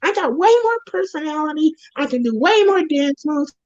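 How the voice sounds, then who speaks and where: A woman doing Slappy, a high-voiced, foul-mouthed puppet guy. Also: lively intonation, normal speed, darkish tone, no echo. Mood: bitter ranting. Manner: profane, rambling, indignant ranting with frequent restarts. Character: foul-mouthed jealous male puppet performer, bitter and ranting. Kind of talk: comedic character monologue. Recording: dull, dry lo-fi recording.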